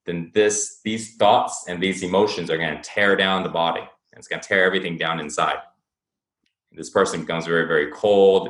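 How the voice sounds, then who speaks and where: Deep-voiced man coaching in an echoey room. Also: a bit bright. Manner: earnest, repetitive, acts out angry quotes. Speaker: fitness and wellness coach. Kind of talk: motivational talk to camera.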